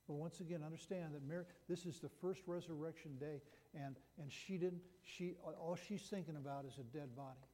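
A man's voice: on the high side, fairly even intonation, a little fast, hardly any pauses, mellow. A man preaching a sermon that retells a Bible story, talking in a conversational way with frequent restarts. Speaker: pastor. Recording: long hall reverb.

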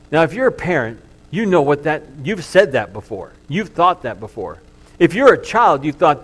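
A middle-aged man preaching, his voice sitting a little high for a man. He tells the story earnestly, pushing some lines out loudly and letting others sink to a hush. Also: big pitch swings, normal speed, husky. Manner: earnest storytelling, swings from loud to hushed. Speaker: pastor. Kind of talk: sermon.

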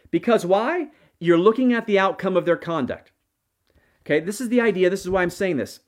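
A middle-aged man preaches a sermon with a slightly high voice. He talks earnestly, restarts phrases and checks in with the congregation by asking "right?" again and again. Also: lively intonation, brisk. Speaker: pastor.

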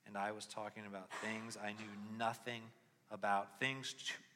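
A young adult man preaching a sermon with personal testimony, moving from quiet reflection to loud, impassioned pleading. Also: on the low side, level tone, moderate pace, background noise. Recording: long hall reverb.

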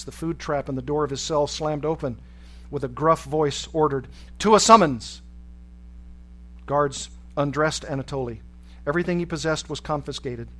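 A man preaching, narrating a dramatic story in a measured way that slows for emphasis. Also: on the high side, a little hiss or hum, low-quality recording.

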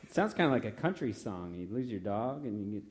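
A man's voice: fairly low pitch, big pitch swings, brisk, a little mellow, a faint crowd, a little hiss or hum. A man leading a youth group in casual, encouraging talk with a playful touch.

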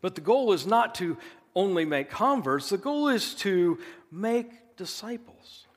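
A male pastor preaching a sermon in an earnest, emphatic way, slowing down to stress key phrases. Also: sits high, big pitch swings, long reverb tail.

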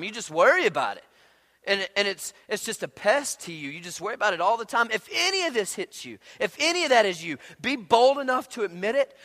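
A man preaching a sermon as pastor, animated and conversational, acting out quoted asides. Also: sits high. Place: church sanctuary. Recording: long hall reverb.

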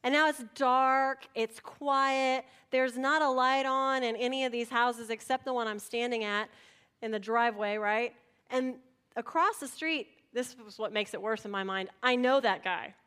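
A middle-aged woman pastor preaching a sermon, telling a story in an animated way and acting out voices. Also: fairly high pitch, moderate pace, smooth.

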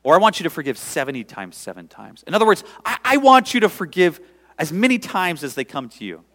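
A man's voice: a little high, sing-song, fairly quick, fairly bright tone, in a large hall, pitched above the performer's own voice. A man voicing a patient male teacher who speaks emphatically, in a sermon. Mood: insistent.

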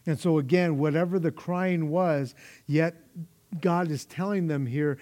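A man's voice: fairly high pitch, normal speed, mellow. A man preaching a sermon in a conversational way, often repeating words as he builds a point. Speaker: pastor.

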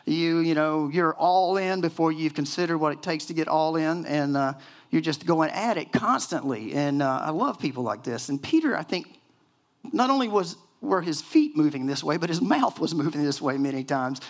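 A man in his sixties, a pastor preaching a sermon, telling stories in a lively, chatty way full of "you know"s. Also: a little high, moderate pace. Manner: animated storytelling with many fillers and acted-out quotes.

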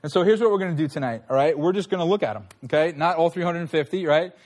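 A man's voice: on the high side, fast talker, a little mellow. A man preaching a sermon in a conversational way, often checking in with his listeners. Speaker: pastor.

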